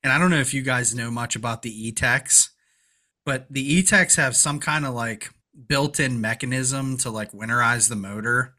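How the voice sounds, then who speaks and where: A man's voice: mid-range voice, normal speed. A man co-hosting a casual fishing podcast, telling fishing-day stories with lots of laughter. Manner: animated storyteller, laughs hard. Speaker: podcast co-host. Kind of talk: casual chat.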